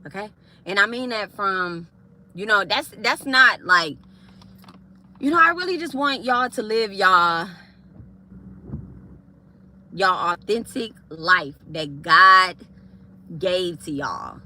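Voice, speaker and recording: Heated, bright-voiced woman ranting on a livestream. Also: medium pitch, animated, slow, long pauses. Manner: heated, confrontational, profane, repetitive. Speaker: spiritualist live streamer. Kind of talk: livestream rant to viewers.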